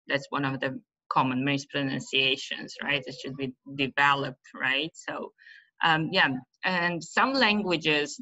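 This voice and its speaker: Hesitant low-voiced woman. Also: bright, forceful tone. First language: Uzbek. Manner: hesitant, many fillers, loses her thread. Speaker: webinar presenter, teacher trainer. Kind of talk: online teaching webinar. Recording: muffled, lo-fi online call audio.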